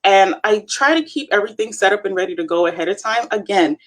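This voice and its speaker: A woman co-hosts a live stream as an Avon representative, her mid-range voice fast-paced and lively in intonation. She coaches viewers in a chatty, encouraging way and calls them "you guys."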